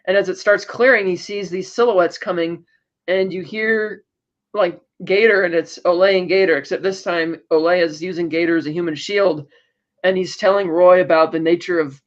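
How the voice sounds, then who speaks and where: A man with a high voice retells a TV episode for a podcast, briskly acting out each character's lines as he goes. The sound is dull and lo-fi. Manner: animated storytelling, acting out quoted lines. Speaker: podcast co-host. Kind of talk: casual recap of a TV episode.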